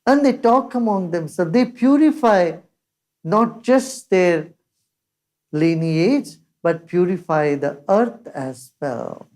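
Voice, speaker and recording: Slow, mellow older woman teaching spiritually. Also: fairly low pitch, animated. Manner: measured, recites scripture verses. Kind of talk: spiritual discourse.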